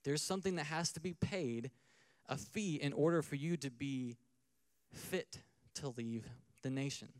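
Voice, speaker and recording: A man's voice: a little high, measured pace, smooth, no room sound. A man preaching a sermon in a conversational way, acting out little scenes and asking the crowd questions. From United States. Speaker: pastor.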